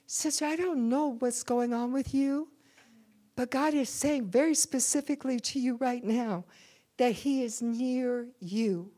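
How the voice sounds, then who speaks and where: A woman's voice: fairly high pitch, measured pace, warm tone. A woman preaching a sermon in church, calling on the congregation to answer back. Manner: call-and-response preaching to a congregation.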